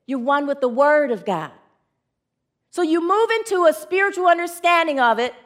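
Preaching with earnest conviction at a normal speed, this female pastor uses lively intonation and invites her congregation to call back. When the message turns sorrowful, she lets her voice fall soft and low.

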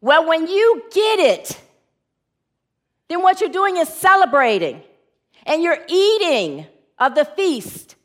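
A woman pastor preaching an earnest sermon, inviting call and response from the congregation and dropping low and quiet in sorrowful moments. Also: big pitch swings, takes it slowly, long pauses.

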